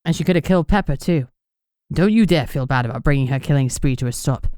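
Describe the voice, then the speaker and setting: Lady doing a calm protective guy, voice dropped way low, steady and firm. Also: quick pace, smooth, no echo, studio quality, close to an everyday voice.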